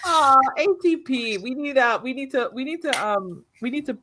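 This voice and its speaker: A woman's voice: high voice, lively intonation, normal speed, pushed and bright, a little hiss or hum. A woman co-hosting a casual podcast from home, teasing and laughing often as she chats. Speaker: podcast co-host. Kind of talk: casual chat.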